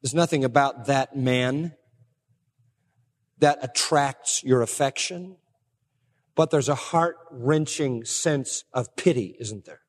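A man preaching a sermon emphatically, pressing some words hard and dropping low and slow on others. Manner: emphatic, swings between raised stresses and low, slow drops. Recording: long reverb of a large hall.

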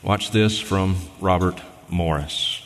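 A man's voice: low-pitched, slow pace, fairly bright tone, slight background noise. A man preaching a sermon in an emphatic, argumentative way, reading scripture aloud and pressing his points. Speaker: guest preacher. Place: church sanctuary. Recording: long reverb of a large hall.

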